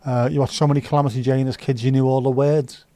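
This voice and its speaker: A man's voice: mid-range voice, little pitch movement, fast talker, dark tone, dry recording. A man hosting a livestream, reading viewer comments aloud with sweary, jokey banter. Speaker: livestream host. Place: indoors.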